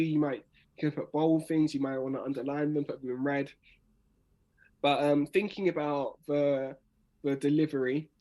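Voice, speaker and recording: Fast-talking man coaching spoken word. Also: a little high, darkish tone. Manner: fast talker with restarts. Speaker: spoken word workshop leader. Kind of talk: casual teaching on a video call.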